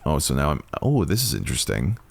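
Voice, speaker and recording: Brief: male gaming host with an extremely low, creaky voice and lively, animated delivery, faint music behind. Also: fast. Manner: animated, reacts and muses aloud. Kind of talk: playthrough commentary and reading game text aloud.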